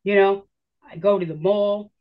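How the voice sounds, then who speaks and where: Animated woman telling her story. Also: medium pitch, moderate pace, highs cut off. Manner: animated, swears casually, acts out her own reactions. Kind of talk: casual storytelling.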